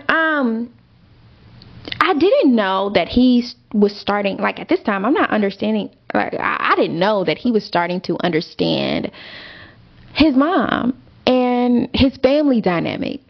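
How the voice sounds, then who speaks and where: A woman's voice: medium pitch, creaky, lo-fi sound. A young woman hosting a podcast, telling a story casually with lots of fillers and swearing. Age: young adult. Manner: animated, swearing, rambling with fillers. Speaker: podcast host.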